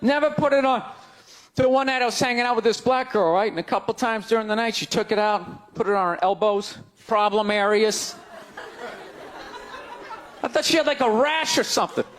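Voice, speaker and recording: Stand-up comic, middle-aged man with a high voice, exasperated ranting, recorded live with crowd laughter and noise. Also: normal speed. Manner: loud, exasperated ranting with sudden shouts. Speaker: stand-up comedian. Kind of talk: stand-up comedy set. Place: comedy club stage before a laughing crowd.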